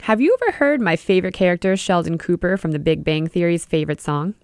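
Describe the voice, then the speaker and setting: A woman presents a scripted music lesson. Her pitch moves up and down freely as she explains each idea and turns to the listener with questions. The recording is close and dry, with no room sound. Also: lively intonation, fast, a little mellow, dry recording. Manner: clear, explanatory, addressing the listener directly. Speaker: podcast host and music teacher. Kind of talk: scripted educational narration.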